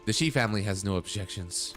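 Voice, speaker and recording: A man's voice: on the low side, fast talker, a bit bright. A man streaming a game, reading its dialogue aloud and breaking off into blunt, swearing reactions. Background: faint game music.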